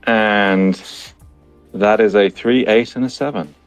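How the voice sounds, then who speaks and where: A man playing in a tabletop game, describing his character's actions in a slow, theatrical way. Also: fairly low pitch, steady tone, faint music behind. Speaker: player. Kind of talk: tabletop role-play.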